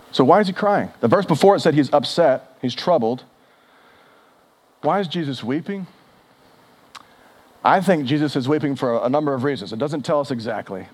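A man preaching a sermon, animated and conversational, acting out quoted speech with big swings in pitch and volume. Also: breathy edge. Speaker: pastor.

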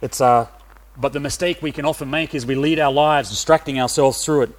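A middle-aged man from Australia giving a sermon, pausing often with "uh" fillers. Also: medium pitch. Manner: hesitant, many "uh" fillers. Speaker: preacher.

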